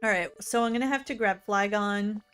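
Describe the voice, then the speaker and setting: A woman streaming a game in casual let's-play commentary. She is chatty and excitable, and she swings between gushing and muttering to herself. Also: medium pitch, fairly quick, smooth, faint music behind. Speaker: gaming streamer.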